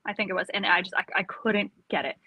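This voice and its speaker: A woman, an army career counselor, chatting casually and telling animated stories with frequent laughs. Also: mid-range voice, fast talker, breathy edge, muffled recording. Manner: animated storyteller, laughs often. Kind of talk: casual podcast chat.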